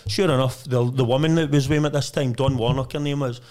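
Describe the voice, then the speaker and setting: A Lanarkshire man in his thirties talks at a brisk clip with a middle-pitched voice. He tells his stories in a blunt, boastful way and peppers nearly every sentence with swearing. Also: steady tone, darkish tone. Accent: Scottish, Lanarkshire. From Lanarkshire, Scotland. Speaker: estate agent, podcast guest. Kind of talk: casual storytelling chat.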